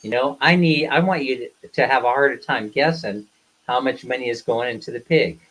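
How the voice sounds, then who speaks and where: A man's voice: medium pitch, a little fast, fairly bright tone, rough recording. A man talking casually on a live stream, bluntly ranting at his viewers and then teasing them playfully. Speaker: live streamer, co-host of a couple's channel.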